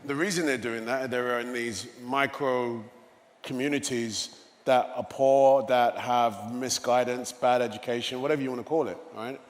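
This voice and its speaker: A man in his fifties from England, with an English accent, tells stories as a guest in an onstage conversation at a conference, often saying "you know." His mid-range voice is steady and moderately paced, with the long reverb of a large hall.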